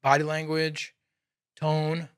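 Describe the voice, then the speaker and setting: A man's voice: fairly high pitch, completely flat delivery, slow, a bit bright, smooth, dry recording, clean studio sound. A man co-hosting a casual chat, earnestly explaining a point. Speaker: podcast co-host.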